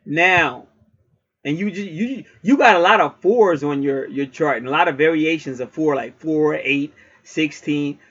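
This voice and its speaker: A man's voice: fairly high pitch, unhurried, fairly bright tone, slightly rough. A man giving a casual astrology reading in a blunt, preachy way, cursing freely. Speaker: astrologer and card reader. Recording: dull lo-fi recording.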